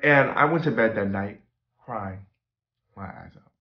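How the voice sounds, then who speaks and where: A young man vlogging, telling a story with animated, exasperated delivery. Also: fairly low pitch, a little slow, muffled recording. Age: young adult. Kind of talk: storytime vlog. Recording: roomy echo.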